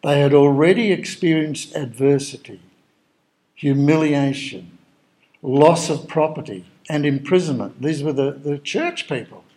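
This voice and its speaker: Male preacher, slightly high voice, tells stories from the pulpit and voices the people in them. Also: unhurried, warm tone, low-quality recording. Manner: conversational storytelling, acting out dialogue. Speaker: pastor. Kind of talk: sermon.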